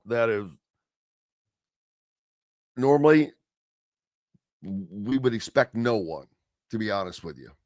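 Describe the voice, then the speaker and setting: A man's voice: lowish voice, animated, slow pace, pauses often, a little mellow, no echo, studio quality. A man hosting a sports talk radio show, chatting casually in a rambling way and reading listener comments aloud.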